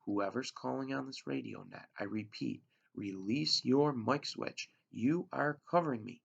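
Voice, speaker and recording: A man doing a calm, clipped radio operator. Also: medium pitch, unhurried, vocal fry, slightly rough, highs cut off, pitched above the performer's own voice, full character voice. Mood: instructing. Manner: clipped radio procedure talk.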